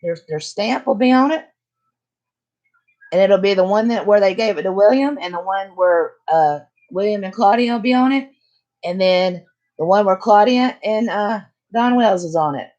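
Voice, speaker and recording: A woman's voice: medium pitch, lively intonation, moderate pace, darkish tone, muffled recording. Blunt older woman, fired up. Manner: blunt, heated and emphatic. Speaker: channel host. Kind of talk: casual livestream chat.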